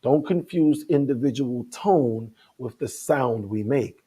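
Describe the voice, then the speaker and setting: A man speaks on a panel in a reflective, measured way. His voice is dark and husky. He lists his points one word at a time. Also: medium pitch, expressive. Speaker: guest speaker.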